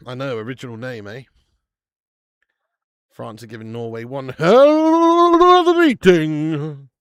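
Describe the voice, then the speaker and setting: A man hosting a casual live football watch-along stream, chatty and excitable, often laughing and loudly greeting viewers. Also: mid-range voice, no echo.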